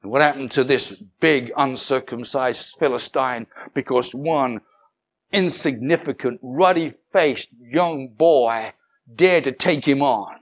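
A man with a medium-pitched voice preaches a sermon, shifting from measured storytelling into fervent, rising proclamation punctuated by calls of hallelujah.

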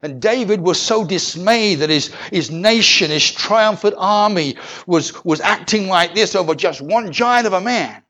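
A man preaching a sermon, moving from measured storytelling to fervent, rising proclamation with calls of hallelujah. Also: sits high, expressive, sharp tone.

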